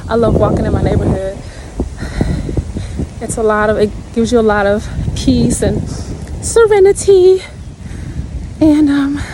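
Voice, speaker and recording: Lady vlogging on a walk, kinda high voice, wind and leaves rustling behind her. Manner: chatty, laughs often, says y'all. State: slightly winded. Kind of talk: casual walking vlog chat. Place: outdoors in a hilly neighborhood.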